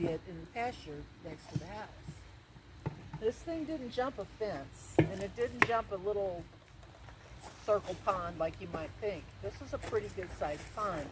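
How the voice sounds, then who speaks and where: A woman's voice: mid-range voice, background noise. Folksy woman telling a spooky tale. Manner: folksy, halting, with restarts. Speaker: storyteller. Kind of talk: spoken ghost-story telling. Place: outdoor event.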